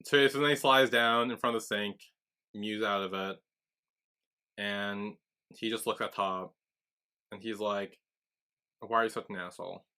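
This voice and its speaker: A man's voice: on the low side, steady tone, unhurried, long pauses, pushed and bright, clean tone. A man co-hosting a podcast, casually retelling scenes and acting out the characters' lines with frequent laughs. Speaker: podcast co-host. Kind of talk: casual recap chat.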